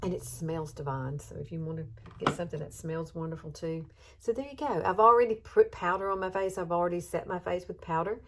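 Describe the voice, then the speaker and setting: There's a little hiss or hum behind this lowish, fairly quick female voice. She's a beauty vlogger in her fifties from Alabama, chatting warmly through her makeup routine in a get-ready-with-me video, emotional and at times tearful.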